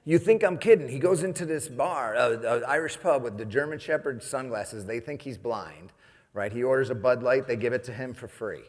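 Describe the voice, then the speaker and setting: A man's voice: medium pitch, lively intonation, moderate pace. Joking male motivational speaker, big reverb. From New York. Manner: jokey, conversational, keeps asking "right?". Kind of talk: comedic keynote speech. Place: event stage in a large hall. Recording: long reverb of a large hall.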